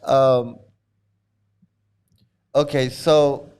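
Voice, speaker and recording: A man's voice: medium pitch, steady tone, extremely slow, darkish tone, smooth. A man hosting a casual livestream chat, rambling and stammering, laughing often and mocking. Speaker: channel host.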